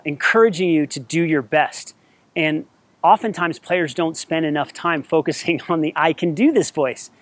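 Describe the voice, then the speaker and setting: A man's voice: on the high side, dry recording. A man, a tennis mental performance coach, giving an earnest, encouraging lesson and repeating himself for emphasis. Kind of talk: talking-head coaching lesson.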